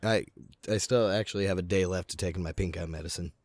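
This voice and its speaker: A man's voice: low voice, fairly even intonation, fast talker, darkish tone, no echo. A man co-hosting a podcast, telling a candid, rambling story in casual chat while getting over a sore throat. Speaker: podcast co-host. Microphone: podcast mic.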